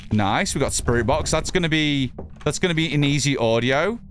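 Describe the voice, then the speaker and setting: A man from northern England with a mixed northern English accent that sounds a little all over the place. He talks casually to his viewers while he plays, and he swears freely. His pitch rises and falls a lot, and there's a faint hum of room sound behind him. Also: animated, moderate pace, a bit bright. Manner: chatty, reads chat aloud, swears casually. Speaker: streamer. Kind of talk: casual gameplay commentary.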